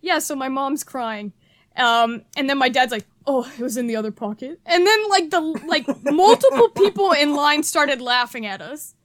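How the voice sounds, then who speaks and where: A young woman co-hosting a podcast, telling a story in casual chat, animated and laughing, acting out her family's lines. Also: high-pitched, moderate pace. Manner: animated, acts out family quotes, laughs often. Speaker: podcast co-host.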